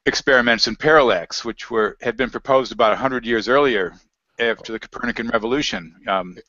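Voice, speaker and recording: A man's voice: mid-range voice, fairly quick, bright, forceful tone, no room sound. A man in casual conversation, rambling through anecdotes with frequent laughs. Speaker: guest researcher. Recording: dull lo-fi audio, dry.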